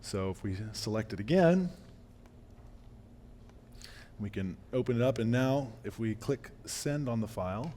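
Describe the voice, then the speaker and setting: A man presents a live-coding demo at a meetup, his voice going hoarse as he clears his throat between halting, filler-laden sentences. His pitch sits in the middle range. A faint noise hangs behind him. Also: expressive, mellow. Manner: casual, halting with fillers and restarts. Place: meetup room.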